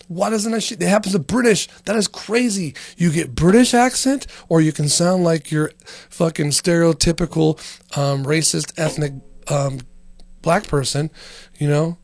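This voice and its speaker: A man's voice: fairly high pitch, creaky, dry recording. A man hosting a casual comedy podcast, rambling loosely with lots of fillers and swearing. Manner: rambling, profane, heavy on fillers. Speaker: podcast host.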